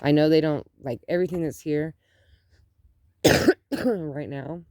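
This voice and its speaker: A woman's voice: deep voice, a little slow, warm tone, no echo, clean studio sound. A middle-aged woman chatting casually in her garden as she films, rambling with lots of "like". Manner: rambling, says "like" often. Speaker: gardening vlogger. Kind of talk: casual vlog chat. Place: outdoor garden.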